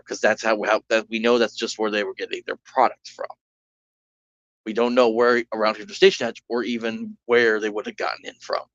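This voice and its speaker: A man voicing a worried young mafia twin who asks slow, uncertain questions, on a dull, dry mic. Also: mid-range voice, fairly bright tone, no room sound, lightly acted.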